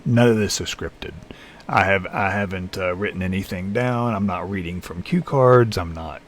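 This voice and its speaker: A man talking unscripted to camera alone in a small room, tired and halting, with many restarts and fillers. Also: low-pitched, a little hiss or hum. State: lethargic, tired. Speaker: vlogger in recovery. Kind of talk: unscripted personal vlog. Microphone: camera facing speaker.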